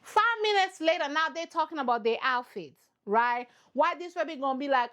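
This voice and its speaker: A woman giving casual, animated reaction commentary on a reality show, playful and repeating points for effect. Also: high voice, a little fast. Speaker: reaction vlogger.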